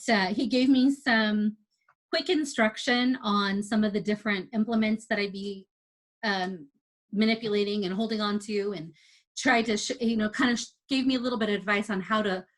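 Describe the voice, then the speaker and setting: A woman telling a lively, casual story about competing for the first time as an amateur athlete. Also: mid-range voice, normal speed. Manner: chatty, animated retelling with quoted dialogue.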